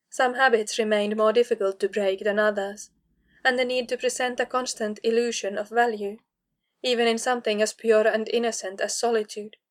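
Woman narrating a fantasy audiobook. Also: medium pitch. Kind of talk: scripted narration.

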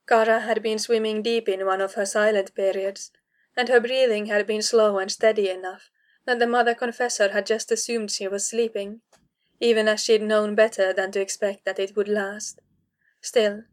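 Woman narrator for a fantasy audiobook, measured and even, mid pitch. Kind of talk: scripted narration.

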